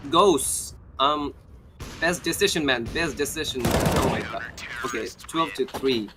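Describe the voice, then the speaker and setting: A young man casting an online shooter match, excitable and playful, bantering with his co-caster. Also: medium pitch, measured pace. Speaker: esports caster. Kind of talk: play-by-play commentary. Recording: faint game noise behind.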